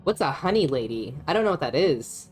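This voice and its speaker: A woman's voice: low voice, very animated, fairly quick, a little mellow, faint music behind. A young woman streaming a story game, chatting casually with her chat, swearing and laughing often.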